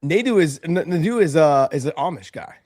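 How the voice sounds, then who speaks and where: A man's voice: fairly high pitch, steady tone, brisk, a little mellow, no echo, studio quality. A man hosting a sports podcast, telling loose, rambling stories in casual chat. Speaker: podcast host.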